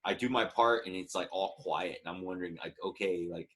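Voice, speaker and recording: A man's voice: low voice, fairly quick, fairly bright tone. A man in his thirties, a musician guest telling a story in a casual interview, chatty and earnest. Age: 30s.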